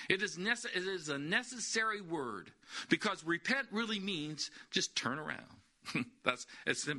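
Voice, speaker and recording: Male preacher, sermon, emphatic, repetitive, rhetorical questions, piercing bright voice. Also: high voice. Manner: repeats key words, emphatic, with rhetorical questions.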